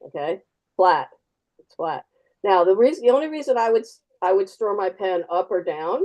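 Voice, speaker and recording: A woman's voice: mid-range voice, animated, normal speed, darkish tone. A woman artist giving a live fountain pen demo, chatty and practical, repeating key words for emphasis. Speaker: artist demonstrating fountain pens.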